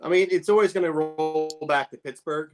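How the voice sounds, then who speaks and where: A man's voice: fairly high pitch, steady tone, normal speed, faint music behind. A man who co-hosts a casual cigar podcast, a former tobacconist who gives short, laid-back answers.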